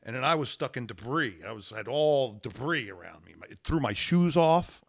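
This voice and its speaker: A man, a podcast guest, telling a wild personal story in an animated, profane way. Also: mid-range voice, moderate pace, vocal fry, no echo, clean studio sound. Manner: profane, excitable, acts out dialogue. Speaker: guest, former combat controller.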